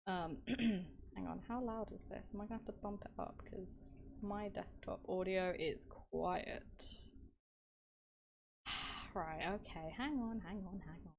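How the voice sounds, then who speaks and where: A woman's voice: medium pitch, measured pace, vocal fry. A woman streamer chatting casually and a bit flustered, often repeating herself and giggling. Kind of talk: casual live-stream chat.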